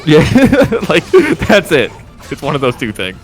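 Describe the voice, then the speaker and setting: A man's voice: on the high side, huge pitch swings, a little slow, faint music behind. A man co-commentating a fighting game stream, breaking down plays in a casual, analytical way and laughing easily.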